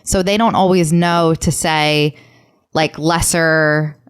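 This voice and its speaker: A woman co-hosting a talk radio show, speaking quickly and softly in a conversational way. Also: low-pitched, steady tone, smooth. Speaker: radio co-host.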